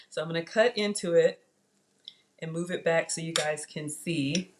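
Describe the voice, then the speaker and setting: A woman chatting to viewers in a live cooking demonstration, excitable and talking straight to them. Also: low-pitched, moderate pace, very noisy. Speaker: cooking vlogger. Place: home kitchen.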